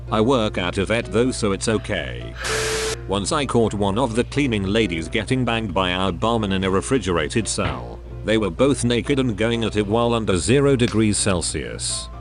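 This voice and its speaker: Low male voice reading posts over music. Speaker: story reader. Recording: with music behind.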